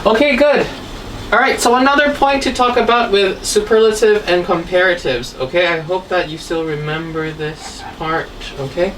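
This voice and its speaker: A woman's voice: on the low side, normal speed. A woman teaching an English grammar lesson, patiently spelling words letter by letter and checking in with "okay?" after nearly every line. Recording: distant mic, faint room noise.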